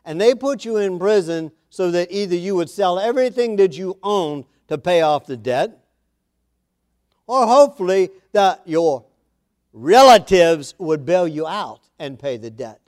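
A man's voice: sits high, expressive, a little slow, darkish tone, dry recording, studio quality. A man preaching a sermon, reading scripture aloud and pressing his points with repeated phrases and questions to the congregation. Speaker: pastor.

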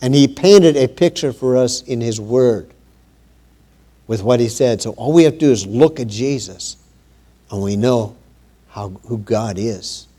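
A man delivers a sermon conversationally, pausing often and getting louder and higher whenever he quotes scripture.

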